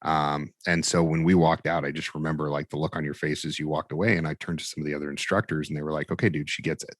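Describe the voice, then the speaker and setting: Man, deep voice, fire instructor, casual storytelling, animated quoted dialogue, dry sound. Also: fast, dry recording. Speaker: fire training instructor, podcast guest.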